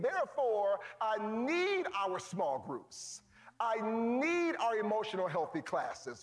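A man preaching a sermon as pastor, calling out to his congregation, swinging from shouts to hushed low tones. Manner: calls out to the congregation, folksy phrasing.

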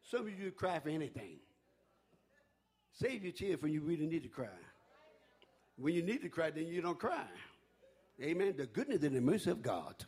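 An older male preacher with a high, gravelly voice that leaps all over its range. He drops to a near hush and then climbs into ringing shouts, with a husky edge throughout. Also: sing-song, moderate pace, long pauses. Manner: call-and-response preaching, swings from hushed to shouting. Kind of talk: sermon.

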